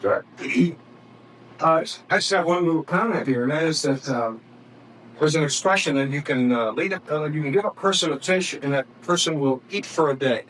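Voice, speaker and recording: A man's voice: on the high side, expressive, a little fast, fairly bright tone, slight background noise, low-quality recording. A man hosting a live seminar, calling on attendees by name and telling anecdotes. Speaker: seminar host.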